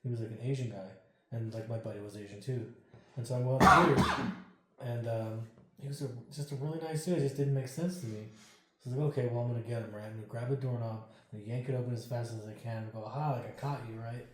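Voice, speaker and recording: A man's voice: mid-range voice, quick pace. A man telling a ghost story as an interview guest, acting out the dialogue and swearing freely. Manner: animated, acts out quoted dialogue, swears freely. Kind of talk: casual storytelling. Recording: very echoey room.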